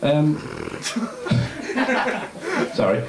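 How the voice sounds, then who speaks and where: A man's voice: high-pitched, wildly swooping pitch, very slow, gravelly. A man doing a stand-up comedy set, rambling and self-deprecating, chatting with the crowd in a live venue. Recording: roomy venue with audience laughter.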